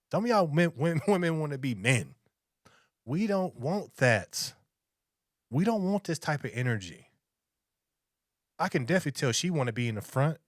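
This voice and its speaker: A man with a mid-range voice reacts to a video, lecturing, preaching and repeating himself. He's from Long Beach, California, and the recording is dry and studio quality.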